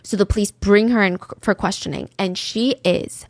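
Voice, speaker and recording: A woman's voice: medium pitch, moderate pace, no room sound, studio quality. A woman hosting a podcast, telling a true-crime story in a casual, chatty way full of asides and fillers. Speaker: podcast host.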